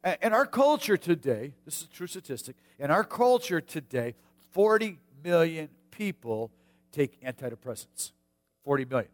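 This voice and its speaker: A middle-aged man from the United States preaching a sermon, telling a personal story in a folksy way with hushed asides and sudden shouts. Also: on the high side, big pitch swings, normal speed. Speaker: pastor.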